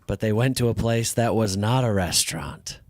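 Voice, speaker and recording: A man's voice: fairly low pitch, normal speed. A man co-hosting a live stream, chatting casually and playfully. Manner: playful, game-show voice put-ons. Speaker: livestream co-host. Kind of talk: casual chat.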